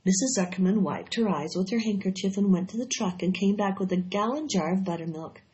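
A woman reading a children's story aloud in a steady, expressive way. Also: mid-range voice, fairly quick. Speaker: audiobook reader. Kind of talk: storybook read-aloud narration. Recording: dull lo-fi recording.

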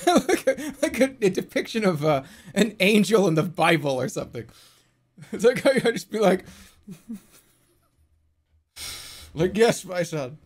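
A man streaming games live, chatting excitedly, swearing and yelping in bursts. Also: high-pitched, a little slow, pauses often, breathy edge. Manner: excitable, yelps and swears, breaks into laughter. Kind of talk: casual live-stream chatter while gaming.

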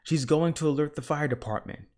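A man voicing a blustery husband who shouts in alarm and tries to take charge, in a storybook read-aloud. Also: on the high side, fairly quick, very noisy, pitched above the performer's own voice, lightly acted. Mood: eager. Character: frightened husband, blustery and loud.

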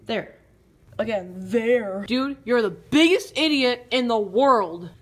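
A bored, bratty plush troublemaker, as a woman puts it on, mutters in a flat, mumbly drawl, teasing and unbothered. A lower, lazier voice for a toy skit. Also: takes it slowly. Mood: mocking.

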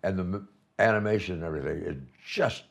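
A man's voice: low voice, fast, gravelly. An older man telling playful stories in a casual conversation, laughing often as he talks. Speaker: honoree in conversation. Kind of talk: casual reminiscing chat.

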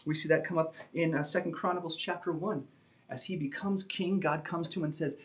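A man preaches from the pulpit in an emphatic, teaching style, his voice sitting a little high for a man. He leans into key words and often pauses with small fillers as he explains the text. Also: steady tone. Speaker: pastor. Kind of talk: sermon.

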